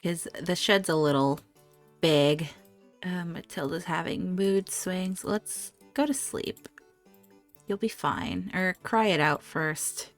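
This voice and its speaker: A woman talks through her game at an unhurried pace, her voice sitting a little low. She chats to her characters and coos over the farm animals. Soft music plays faintly behind her. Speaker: gaming YouTuber. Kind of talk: casual let's-play commentary.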